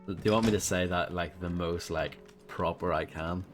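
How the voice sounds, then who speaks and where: A man's voice: low voice, steady tone, moderate pace, faint music behind. A man chatting casually with viewers while streaming a game, rambling and self-deprecating. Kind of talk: casual live gameplay chat.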